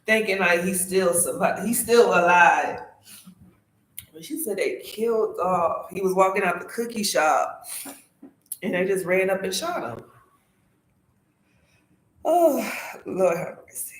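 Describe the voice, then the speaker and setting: Woman vlogging in echoey room. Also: fairly low pitch. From South Carolina. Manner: animated, emotional storytelling with frequent swearing. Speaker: motorcycle vlogger. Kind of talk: casual chat.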